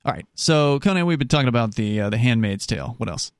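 A man's voice: medium pitch, animated, fast, clean tone, dry recording, clean studio sound. A man hosting a talk radio show, chatty and agreeable in casual conversation.

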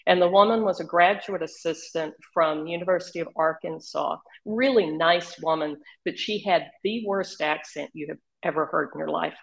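An older woman with a Southern accent and an Oklahoma drawl, telling animated, laughing stories as an interview guest. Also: deep voice, normal speed, gravelly, hardly any pauses, poor audio. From Northeast Texas region. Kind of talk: casual storytelling.

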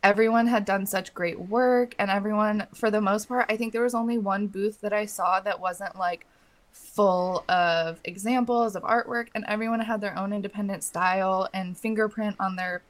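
A woman's voice: medium pitch, steady tone, moderate pace. A young woman co-hosting a podcast in casual, gushing chat, with lots of fillers. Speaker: podcast co-host.

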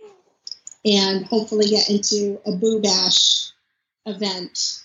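A young woman, a podcast guest, chatting casually and telling animated stories about family travel. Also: medium pitch, slow pace, reverberant, lo-fi sound. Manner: chatty, animated storytelling with mimicked child voice. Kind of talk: casual interview chat.

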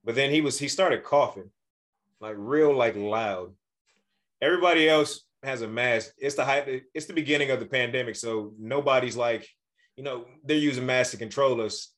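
Podcast co-host, male, mid-pitched, animated storyteller who acts out quotes. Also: moderate pace. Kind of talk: casual storytelling.

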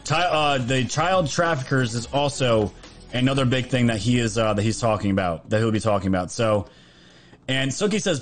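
A man hosting a livestream, casually chatting and thanking viewers for donations with upbeat energy. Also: faint music behind. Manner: upbeat, thanks viewers quickly, lively pitch jumps. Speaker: livestream host.

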